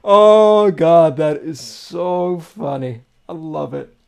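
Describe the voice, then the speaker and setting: A man hosting a music reaction video, chatting casually and excitedly, with lots of fillers and swearing. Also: a little high, takes it slowly, vocal fry.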